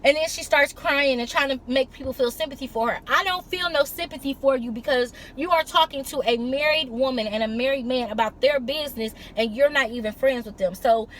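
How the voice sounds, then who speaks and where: A woman's voice: sits high, brisk, hardly any pauses, a bit bright, a little hiss or hum. A woman recapping a reality TV episode in a casual, chatty way, mixing summary with blunt, sassy opinions. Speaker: reality TV reviewer.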